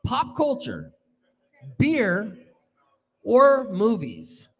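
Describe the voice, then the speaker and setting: Male radio host, live bar game, playful teasing, high pitch, lively delivery. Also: drawn-out words, slightly rough. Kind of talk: live event game hosting. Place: bar or taproom, live event.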